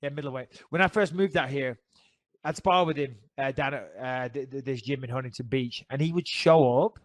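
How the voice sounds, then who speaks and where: Speaking at a moderate pace in a medium pitch, this middle-aged Northern English man trades crude, funny anecdotes as a podcast co-host. The chat is relaxed storytelling banter, captured in a dry recording.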